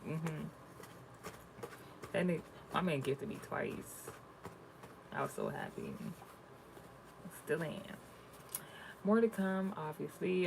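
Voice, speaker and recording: A man's voice: fairly high pitch, huge pitch swings, slow, vocal fry, long pauses, slight background noise, rough recording. A man ranting in a casual, profane vlog, telling rambling stories and reading spiritual messages. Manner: blunt, cursing, rambling storytelling.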